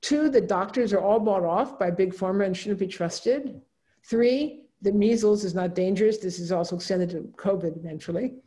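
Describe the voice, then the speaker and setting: A woman's voice: medium pitch, normal speed, mellow. A woman giving a lecture, talking her audience through slides in a loose, conversational way with frequent asides and fillers.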